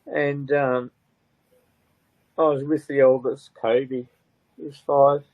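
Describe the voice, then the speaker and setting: An older man, a grieving father who speaks in halting, repeated phrases with a tearful, breaking voice. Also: medium pitch, level tone, dry recording, narrow, tinny audio. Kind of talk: emotional interview talk.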